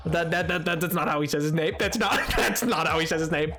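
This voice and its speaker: Man, high voice, casual gaming stream chat, rambling, stammering, faint music behind. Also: fairly even intonation, fairly quick, few pauses, a bit bright. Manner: rambling, stammering restarts, laughing often.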